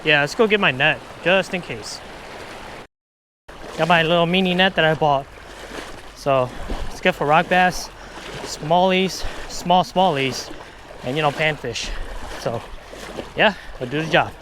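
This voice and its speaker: An excitable man fishing at a river, talking to his viewers and a little out of breath, recorded outdoors on an action camera. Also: on the high side, measured pace, long pauses, a little hiss or hum. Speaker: fishing vlogger. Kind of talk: casual fishing vlog.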